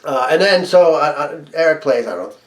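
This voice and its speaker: His voice is on the high side, brisk, with lively intonation. The man chats his way through a casual personal anecdote, laughing a lot and often restarting his sentences amid fillers.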